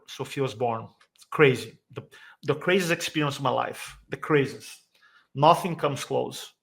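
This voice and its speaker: A man with a mid-range, creaky, slightly bright voice tells an emotional personal story as a podcast guest, acting out the voices of people he quotes. He's a speaking coach from the San Diego area, and his grammar is slightly non-native.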